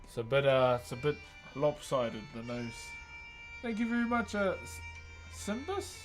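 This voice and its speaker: Brief: relaxed New streamer, talky and friendly, fairly high for a man, quiet music underneath. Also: a little slow. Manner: relaxed, chatty, thanks viewers often. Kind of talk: casual live-stream chat while working.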